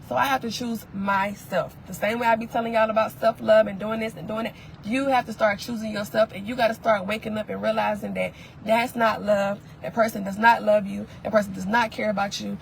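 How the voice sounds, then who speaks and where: A woman's voice: fairly high pitch, vocal fry, a bit bright, a little hiss or hum, low-quality recording. Pregnant woman preaching about self-worth. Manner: preachy, repeats her lines for emphasis. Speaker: content creator. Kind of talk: emotional personal vlog.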